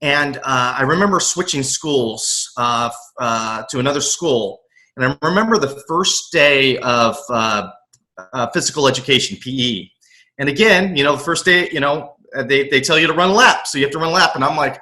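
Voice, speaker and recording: Bright-voiced earnest man telling his story. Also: mid-range voice, moderate pace. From US West Coast. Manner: earnest, animated, acts out his own past thoughts; frequent restarts and repeated words. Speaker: motivational coach, podcast guest. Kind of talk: casual interview storytelling.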